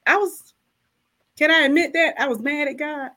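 A woman's voice: high-pitched, fairly even intonation, fairly quick, sharp tone. A woman guest co-author, telling her personal testimony candidly and acting out her own prayers.

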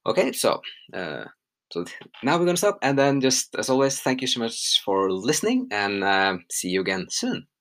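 A woman teaching grammar on a podcast, explaining patiently with relaxed fillers. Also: extremely low pitch, normal speed. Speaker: language teacher.

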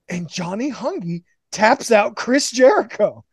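Male podcast host, loose and profane, animated riffing, dry recording. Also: high-pitched, unhurried, pauses often, dry recording. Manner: profane, rambling, animated storytelling with mock quotes. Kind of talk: casual fantasy booking chat. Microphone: video call.

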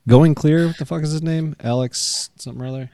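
A man's voice: a little high, fast talker, dark tone, no room sound, studio quality. A man co-hosting a casual comedy podcast, making wry, rambling asides with hesitations. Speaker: podcast co-host.

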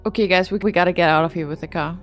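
A woman playing a tabletop game, asking quick, urgent questions in character. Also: lowish voice, steady tone, soft background music. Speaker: player. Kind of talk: casual tabletop play.

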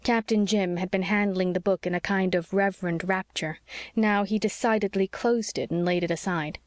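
A woman narrating an audiobook in a calm, measured way. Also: medium pitch, no room sound, clean studio sound. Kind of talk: scripted narration.

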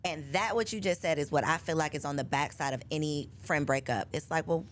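A woman hosting a podcast in casual interview chat, engaged and quick with interjections. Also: low-pitched, a little hiss or hum. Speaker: podcast host.

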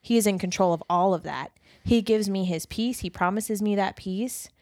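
A woman co-hosting a casual faith discussion podcast, talking in an earnest, animated way and acting out quoted lines. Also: medium pitch, moderate pace, no room sound, clean studio sound. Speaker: podcast co-host.

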